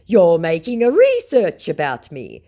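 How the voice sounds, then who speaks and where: A woman's voice: fairly low pitch, wildly swooping pitch, measured pace, mellow, pitched above the performer's own voice, heavily acted. A woman voicing a defiant male scammer who poses as a rock musician and answers with indignant, curt retorts.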